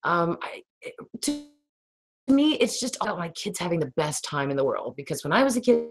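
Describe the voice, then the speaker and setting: Lady rambling on a livestream, kinda raspy today, lowish voice. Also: very animated, normal speed. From Texas. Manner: rambling, laughs often, reads viewer comments. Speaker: livestream host. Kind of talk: casual livestream chat.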